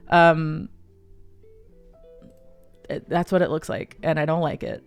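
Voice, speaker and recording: A woman hosting a casual livestream, chatty and giggly, breaking into high excited squeals. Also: moderate pace, long pauses, smooth, no room sound. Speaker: livestream host. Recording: dry close sound, faint music behind.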